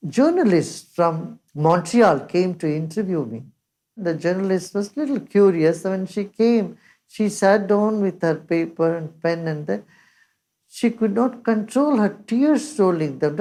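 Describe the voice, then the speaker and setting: An older woman giving a measured spiritual discourse as a teacher, reciting scripture verses along the way. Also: mid-range voice, mellow.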